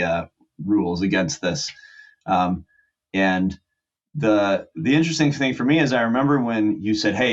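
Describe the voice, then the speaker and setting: A man in his forties, a podcast guest, telling a long story with fillers and restarts and acting out what people said. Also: sits low. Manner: rambling with fillers and restarts, acts out quotes. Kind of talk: casual storytelling. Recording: muffled lo-fi audio.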